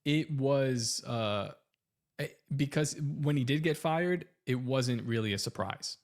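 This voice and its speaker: A man co-hosting a podcast, talking casually in a mid-range voice. His points build into a loud, heated rant with plenty of repeats and restarts. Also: mid-range voice, slow pace. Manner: heated, rising into loud ranting. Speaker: podcast co-host.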